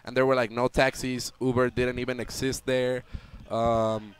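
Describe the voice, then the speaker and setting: A young man, a tournament player, telling an animated story to a chat audience and acting out the voices in it. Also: medium pitch, moderate pace, clear, resonant tone. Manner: lively, acts out voices in the story. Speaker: interview guest, tournament player.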